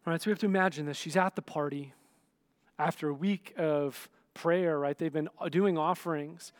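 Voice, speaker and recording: A man's voice: fairly high pitch, steady tone, moderate pace. A male pastor giving a conversational sermon, often checking in with the listeners and acting out scenes. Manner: dramatic, acts out scenes.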